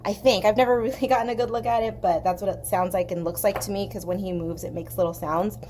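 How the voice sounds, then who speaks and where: A young woman from southern California, hosting an art channel, telling a long story in a chatty, animated way while she colors. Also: medium pitch, quick pace, a little hiss or hum. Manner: chatty, animated, acts out quoted voices.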